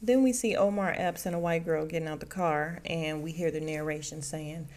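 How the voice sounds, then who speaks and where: A woman with a slightly low voice chats through a TV episode recap. She talks casually and conversationally, and she slips into the characters' lines as she retells the scenes. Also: steady tone, normal speed, a little mellow. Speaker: podcast host reviewing a TV episode.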